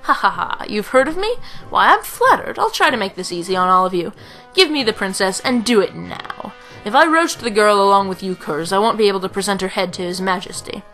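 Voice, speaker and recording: A woman's voice: mid-range voice, lively intonation, a little fast, bright, forceful tone, soft background music, poor audio. A woman reading a haughty, cruel female general from a game, with theatrical gloating laughter. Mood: mocking.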